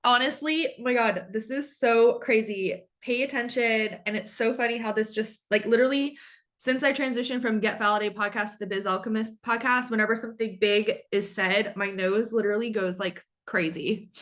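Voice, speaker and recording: A woman's voice: fairly high pitch, steady tone, moderate pace, fairly bright tone. A woman hosting a podcast in casual chat, bubbly and gushing, swearing casually. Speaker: podcast host.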